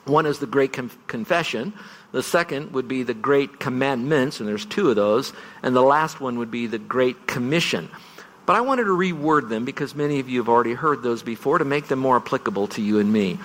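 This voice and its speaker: A male pastor giving a farewell sermon, earnest and unhurried, rising now and then to emphatic bursts. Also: medium pitch, expressive, a bit bright, big-room sound, low-quality recording.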